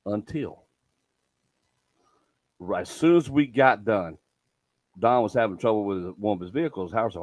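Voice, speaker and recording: A middle-aged man with a drawl tells stories with lively energy and a fair bit of swearing. His voice sits low. The sound is close and dry, with no room around it. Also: moderate pace, pauses often, no echo, low-quality recording. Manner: animated storytelling, swears freely. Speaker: podcast host. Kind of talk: casual chat.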